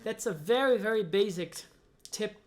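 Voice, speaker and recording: A man's voice: sits high, normal speed. A man who speaks as his gives a casual music lesson, counting beats aloud between guitar examples. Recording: guitar playing heard loudly.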